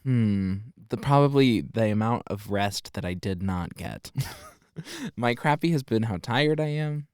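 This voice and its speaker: A man in his twenties, a seminarian co-hosting a podcast, talking in a relaxed, reflective and affirming way. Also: medium pitch, measured pace, smooth, no room sound, clean studio sound. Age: 20s. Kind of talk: casual podcast chat.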